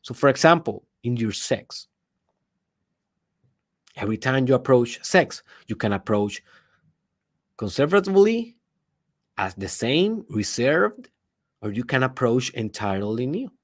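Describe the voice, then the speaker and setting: A man with a voice of ordinary middle pitch delivers a motivational monologue as a podcast host. He is emphatic, jumping from loud bursts to hushed asides, and keeps asking the listener rhetorical questions. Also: big pitch swings, unhurried, pauses often. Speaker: podcast host, personal development speaker.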